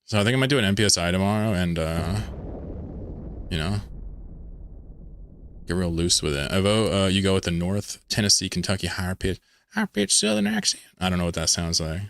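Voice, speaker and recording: Low-voiced jokey streamer, mid-Atlantic accent. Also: male voice, brisk, pauses often, fairly bright tone. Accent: mid-Atlantic American. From Pennsylvania, United States. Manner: rambling, jokey, reads chat aloud. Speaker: game streamer. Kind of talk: casual live-stream chat while gaming.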